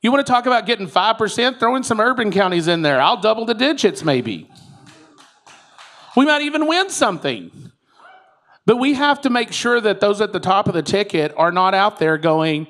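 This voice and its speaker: A man's voice: high voice, sing-song, moderate pace, fairly bright tone. A man, a political candidate giving a chatty, joking conference speech. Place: conference room with audience.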